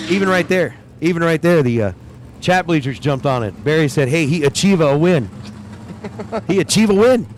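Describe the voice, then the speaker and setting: Outdoors at a racetrack, a drag race announcer calls the runs live, chatting and joking in between. His voice is a little high, with slight background noise.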